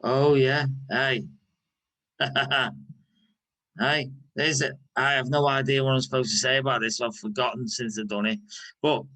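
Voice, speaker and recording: A man's voice: medium pitch, pushed and bright, low-quality recording. A man with a Liverpool accent, leading a recovery workshop in a candid, conversational way with frequent restarts. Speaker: workshop leader.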